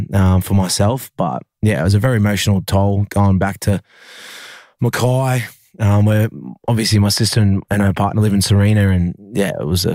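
An Australian man, a rugby league player, telling a painful personal story in an interview, halting with many fillers and restarts. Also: low voice, mellow, no room sound, clean studio sound.

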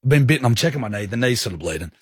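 Aussie male radio host, husky tone, dry studio mic, lively yarn-spinner. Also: mid-range voice, racing, no echo. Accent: Australian. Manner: animated storyteller, acts out his own anger. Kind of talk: casual radio banter and storytelling. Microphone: studio microphone.

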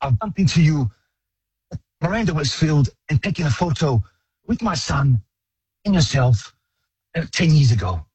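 A middle-aged man calling in to radio, chatting in a friendly way. His voice is very husky and lively in pitch, and the sound is dry. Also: normal speed, pauses often, no echo, poor audio. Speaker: radio caller.

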